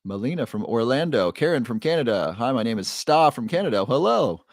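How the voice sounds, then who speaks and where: His mid-range voice has a sing-song lilt and moves fairly quickly, captured as clean studio sound with no room tone. The man is a neuroscientist running a casual livestream, cheerfully greeting people by name, reading the chat, and roaring playfully.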